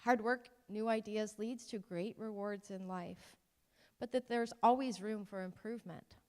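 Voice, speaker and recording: A woman's voice: mid-range voice, fairly even intonation, a little slow, a little mellow. Chatty woman presenter in a reverberant hall. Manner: conversational, with ums and self-deprecating asides. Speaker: presenter at a parent workshop. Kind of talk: informal talk to parents.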